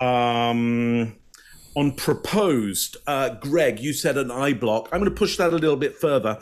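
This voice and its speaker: A man giving measured body language analysis on a panel, often pausing with "uh". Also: medium pitch. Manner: measured, many filler "uh"s.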